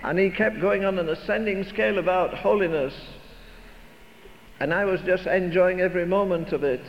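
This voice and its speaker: Older male preacher, high voice, emphatic rhetorical delivery, faint noise on the tape. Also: normal speed. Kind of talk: sermon. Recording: dull recording in a reverberant hall, faint noise.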